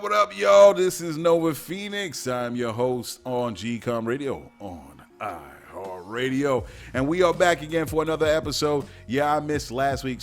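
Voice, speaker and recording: A man hosting a casual radio show, rambling and joking with plenty of fillers and restarts. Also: mid-range voice. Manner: breaks into silly mock-French voices. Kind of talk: casual podcast monologue.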